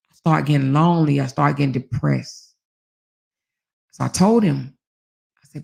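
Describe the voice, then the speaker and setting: A woman's voice: low voice, moderate pace, vocal fry, long pauses. A woman in her forties, hosting and telling a personal story in casual chat, acting out dialogue with colorful swearing. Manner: animated, acts out dialogue, swears. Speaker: host.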